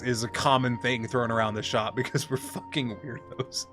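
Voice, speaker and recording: A young adult man streaming from a home setup, chatting casually and telling stories with lots of swearing and sudden excited bursts, with faint music behind him. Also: mid-range voice, normal speed. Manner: profane, animated storytelling with bursts of excitement. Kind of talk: casual gaming stream chat.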